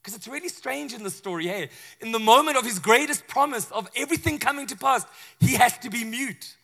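A man, a pastor, preaching a sermon in a conversational, animated way with acted asides. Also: very high voice, fairly quick, gravelly.

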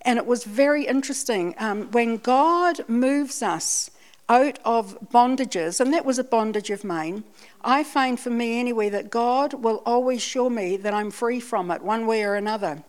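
A woman's voice: on the high side, normal speed. A Scottish woman giving a sermon, telling a personal testimony in a chatty, self-deprecating way. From Scotland. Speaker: church speaker.

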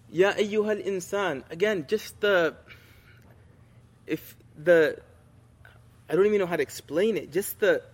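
A man's voice: sits high, long reverb tail. A man preaching a sermon with passion, reciting Arabic scripture and building to emphatic rhetorical questions.

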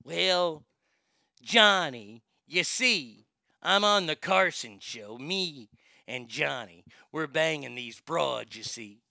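A man doing an impression of a sly middle-aged movie star, with a slow, lazy drawl. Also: fairly high pitch, expressive, vocal fry, sharp tone, no echo, clean studio sound, heavily acted.

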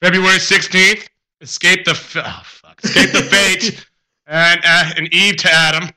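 A man's voice: high-pitched, unhurried, sharp tone, rough recording. A man in a band reading out concert listings on a radio show, laughing often and tripping over names. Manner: giggly, stumbles over names.

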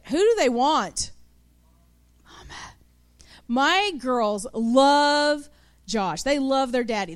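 Woman in her 30s, high voice, casual storytelling sermon style. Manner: conversational, acts out kids and mothers in asides. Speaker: preacher.

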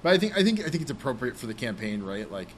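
A man's voice: medium pitch, sing-song, rapid-fire, a little hiss or hum. A young man co-hosting a casual podcast about role-playing games, rambling with many fillers. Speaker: podcast co-host.

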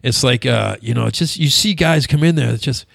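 A man on a casual podcast, telling stories in an animated way and acting out gym banter with swearing. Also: mid-range voice, a little fast, vocal fry, dry recording, studio quality. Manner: animated storyteller, acts out gym banter with profanity. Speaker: guest.

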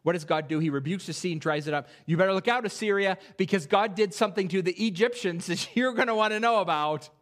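A man preaching an expository sermon in a church, reading scripture aloud and posing rhetorical questions with animated delivery. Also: high voice, fast talker, few pauses. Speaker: pastor. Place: church sanctuary.

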